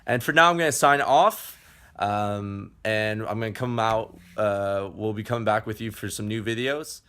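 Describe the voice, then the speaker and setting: A man's voice: lowish voice, normal speed, fairly bright tone, smooth. Earnest, chatty American vlogger man. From Chicago, United States. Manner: earnest, chatty, repeats and restarts phrases. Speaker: travel fitness vlogger, host. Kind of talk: casual direct-to-camera vlog talk.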